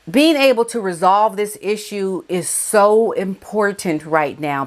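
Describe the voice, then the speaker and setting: A woman talking straight to her viewers in a loose, chatty commentary. She leans hard on her words, repeats phrases to drive them home, and slips into colloquial turns as she makes her points. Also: mid-range voice. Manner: emphatic and colloquial, repeats key words for effect. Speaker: vlogger. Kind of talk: casual celebrity gossip commentary.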